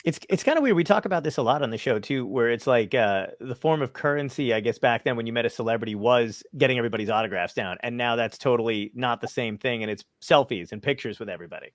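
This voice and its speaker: Fast-talking male podcast host. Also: mid-range voice, lively intonation, no echo, studio quality. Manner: eager, chatty, quick follow-up questions. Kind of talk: casual interview.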